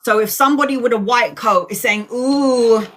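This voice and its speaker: A woman's voice: a little high, fast talker, pushed and bright. A woman in her forties giving live tarot readings, soothing and direct, calling listeners sweetheart and honey. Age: 40s. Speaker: tarot reader.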